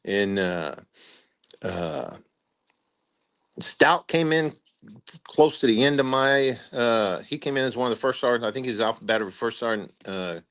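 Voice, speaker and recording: A man's voice: medium pitch, animated, fairly bright tone. Older man reminiscing, rambling. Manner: rambling, halting reminiscing with chuckles. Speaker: retired army officer, guest. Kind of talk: casual spoken storytelling interview.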